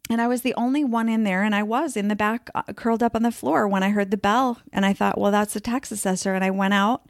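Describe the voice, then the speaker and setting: A woman's voice: medium pitch, fairly even intonation, fast talker, no echo. Woman, casual interview storytelling, lots of fillers, dry recording. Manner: chatty, many fillers, acts out quoted voices. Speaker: podcast guest telling her story.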